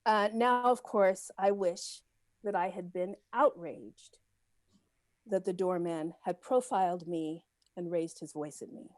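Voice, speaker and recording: A middle-aged woman giving a personal testimony as a guest speaker at a synagogue service, earnest and measured, pausing often. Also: on the low side, no room sound. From United States. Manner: earnest, measured, with frequent pauses and fillers.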